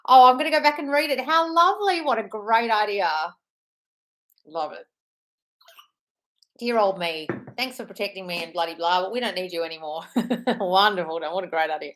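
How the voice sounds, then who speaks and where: A woman's voice: mid-range voice, normal speed, pauses often, a bit bright. A British woman in her thirties hosting a live stream, reading out chat messages and answering them in an affectionate, earnest way. She keeps calling her listeners darling.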